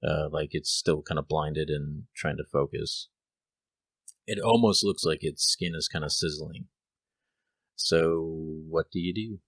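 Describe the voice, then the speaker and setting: A man's voice: rumbling low, a little slow, a bit bright, no room sound. A young man narrating a tabletop role-playing game as game master, casual and rambling with many fillers.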